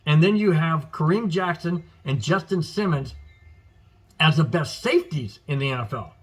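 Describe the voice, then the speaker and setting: Guy doing a football news rundown, kinda husky, slightly high voice, lots of wow's. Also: animated, normal speed. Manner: chatty, exclaims wow often, repeats words. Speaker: sports news host. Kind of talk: casual sports news commentary.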